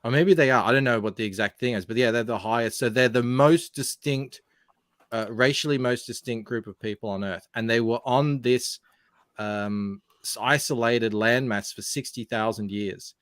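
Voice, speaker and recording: A man's voice: mid-range voice, normal speed, fairly bright tone, no room sound, clean studio sound. A man from far north Queensland with an Australian accent, chatting casually on a late-night stream and explaining at length with some hesitant fillers.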